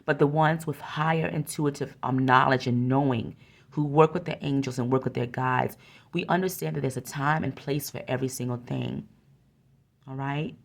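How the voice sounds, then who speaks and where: Woman w a really low voice doing a spiritual card reading, earnest and encouraging, keeps repeating herself. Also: fairly even intonation, moderate pace, vocal fry. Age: adult with a young son. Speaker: oracle card reader.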